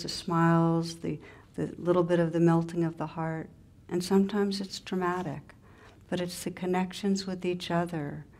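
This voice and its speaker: A woman meditation teacher giving a spiritual talk and telling a story, gentle and unhurried in short pausing phrases. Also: sits low.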